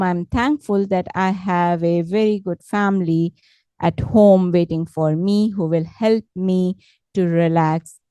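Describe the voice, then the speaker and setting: A woman leading a talk on positive thinking, speaking patiently and gently, often checking in with her listeners. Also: lowish voice, clear, resonant tone, no room sound. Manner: slow, patient, repeats words and asks "correct?"; gentle, encouraging. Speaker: meditation instructor.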